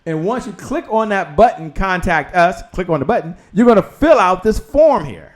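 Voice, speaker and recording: A man hosting a live-streamed talk show, excitable and animated, talking straight to his viewers and his guest. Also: high voice, moderate pace. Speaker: show host.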